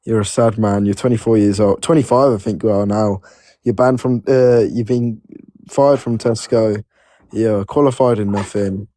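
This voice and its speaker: A man with a warm, mellow voice, recorded close and dry. He mocks his opponent and keeps coming back to the same jabs in a heated online argument. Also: lowish voice, steady tone, normal speed, no room sound. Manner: mocking, repeats insults. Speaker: guest on a live stream. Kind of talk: heated live-stream argument.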